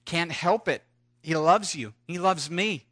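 A man preaching a sermon, shifting between playful ironic warnings and rising, exclaimed highs, with hushed asides in between. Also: a little slow.

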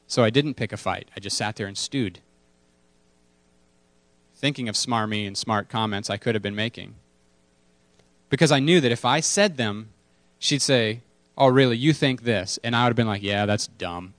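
A man's voice: on the low side, normal speed, pauses often, fairly bright tone, no room sound. A man preaching a casual sermon to his congregation, candid and self-deprecating, repeating key words for emphasis. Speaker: pastor.

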